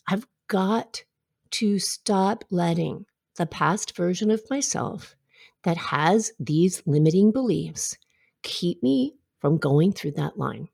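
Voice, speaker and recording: Gravelly, lively middle-aged woman. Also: lowish voice, measured pace. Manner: heartfelt, storytelling, with asides. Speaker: self-help speaker. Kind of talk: reflective personal talk.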